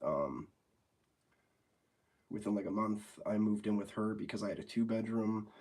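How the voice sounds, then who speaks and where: A man's voice: fairly low pitch, normal speed, a little mellow. Congested, rambling young man chatting. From United States. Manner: rambling, laid-back, swears freely. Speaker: livestream host. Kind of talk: casual livestream chat.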